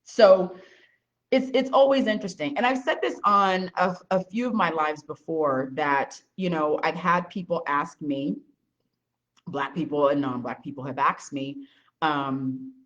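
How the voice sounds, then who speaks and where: A woman business owner chatting casually on camera beside her husband, a blunt and lively storyteller. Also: sits low, a little slow. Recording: dull lo-fi sound.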